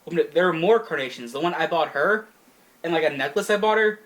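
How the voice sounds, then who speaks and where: A man's voice: fairly high pitch, animated, fast, a bit bright. Crude young man telling a story. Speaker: podcast co-host. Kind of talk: casual chat.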